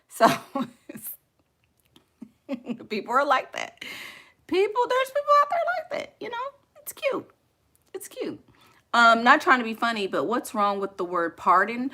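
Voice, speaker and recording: A woman's voice: on the high side, bright, forceful tone. A woman vlogger chatting casually and jokingly with her live viewers, laughing often.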